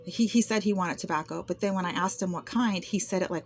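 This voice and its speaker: A vlogger recounts personal experiences to camera in an unscripted monologue, sounding aggrieved as she repeats words and restarts often. Her voice sits lowish and she talks fast, with slight background noise behind her.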